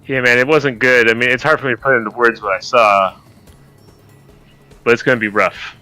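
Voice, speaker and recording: A man's voice: mid-range voice, fairly even intonation, brisk, sharp tone, no room sound, soft background music, rough recording. A man playing a tabletop game, brash and complaining in character banter. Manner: brash, complaining, self-assured. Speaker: player.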